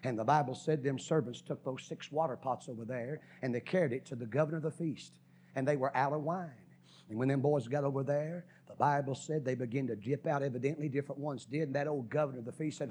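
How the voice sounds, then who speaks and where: A man preaching a sermon, folksy and dramatic, swinging from shouts to whispers and stretching out key words. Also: mid-range voice, a little hiss or hum. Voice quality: husky. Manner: preaching with sudden shouts and drops to a whisper, folksy, drawn-out stresses. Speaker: pastor.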